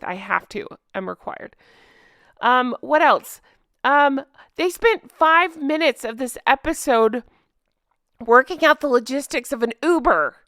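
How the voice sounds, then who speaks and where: Exasperated woman ranting, bright and dry. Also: high voice, no room sound. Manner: exasperated, profane, emphatic. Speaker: host. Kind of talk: ranting TV recap. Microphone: close microphone.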